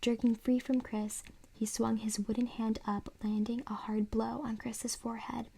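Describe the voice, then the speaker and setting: Soft whispering woman reading a story. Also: fairly high pitch, flat delivery, normal speed, creaky, slightly rough. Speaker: ASMR reader. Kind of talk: whispered role-play.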